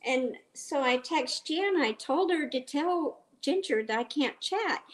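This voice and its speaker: A middle-aged woman talks at an unhurried pace as she cooks on a live stream. She chats warmly with her viewers and wanders off into long stories. Her nose sounds a bit stuffy. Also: high voice, animated. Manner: chatty, greets viewers by name, rambling stories. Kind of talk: casual chat while cooking.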